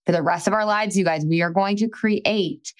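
A woman's voice: medium pitch, normal speed. A woman podcast host coaching a listener in a frank, chatty way, swearing casually and filling her talk with "like".

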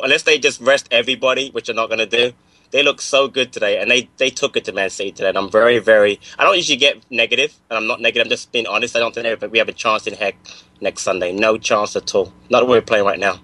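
A man's voice: medium pitch, fast, sharp tone, dry recording. A man, co-hosting a podcast in casual chat, talking earnestly about football. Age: 50s. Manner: earnest, talks football plainly. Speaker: podcast co-host.

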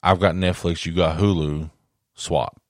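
A man co-hosts a casual talk show, reading news items and teasing his partner. His voice is extremely deep, and the room is dry with no echo. He has a dry, teasing manner and stumbles over his restarts. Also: steady tone, a little slow. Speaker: co-host, reads news items. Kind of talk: casual chat.

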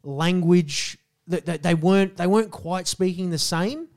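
A man tells a rambling, profane story on a casual podcast. He is animated and breaks into loud quoted voices. His voice sits slightly high for a man. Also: measured pace, creaky. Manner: animated, profane, jumps into loud voices when quoting people. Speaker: podcast co-host.

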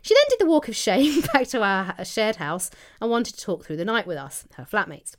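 A woman's voice: mid-range voice, sing-song, a little fast. A woman co-hosting a podcast, telling a funny anecdote with giggles in casual chat. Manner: giggly, tells anecdotes with laughs. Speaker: podcast co-host.

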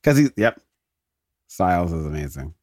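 A man's voice: low-pitched, very animated, normal speed, darkish tone, no echo, studio quality. Rambling, laughing male podcaster. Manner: rambling, laughing, self-interrupting. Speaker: podcast host. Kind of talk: solo movie commentary. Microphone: close podcast mic.

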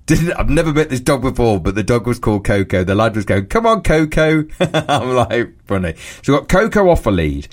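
A man co-hosting a podcast, telling a lively anecdote in casual chat and acting out what people said. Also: medium pitch, a little fast. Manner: animated anecdote teller, acts out quoted voices. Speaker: podcast co-host.

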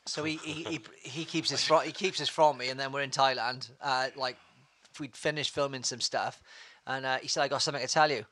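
A man telling crude stories in casual chat, swearing freely and animated. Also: medium pitch, brisk. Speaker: guest storyteller.

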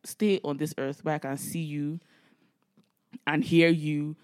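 A woman's voice: deep voice, level tone, unhurried, dry recording. Dry, chatty woman in her twenties. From Nigeria. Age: 20s. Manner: chatty storyteller, acts out quotes loudly, laughs often. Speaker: podcast co-host. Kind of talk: casual chat.

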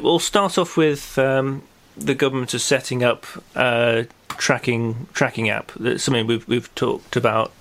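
A man co-hosting a chat podcast, talking in a flat, level tone that hardly rises or falls. He rambles through the news and chat, stacking up fillers and restarts as he goes. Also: mid-range voice, vocal fry. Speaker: podcast co-host. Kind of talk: casual chat and news rundown.

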